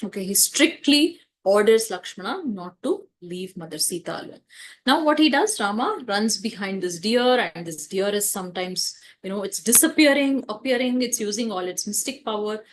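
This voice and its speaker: A woman storyteller retelling an epic to children in a lively, chatty way, often speaking to them directly. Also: medium pitch, normal speed. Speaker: storyteller at a kids camp.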